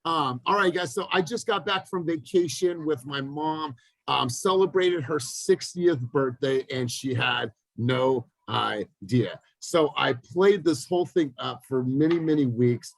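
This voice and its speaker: A man's voice: on the high side, measured pace, gravelly, dry recording, rough recording. A man in his thirties, a business coach leading a group call over video, telling stories with energy and acting out the voices of people in them. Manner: energetic storytelling with lively acted-out quotes.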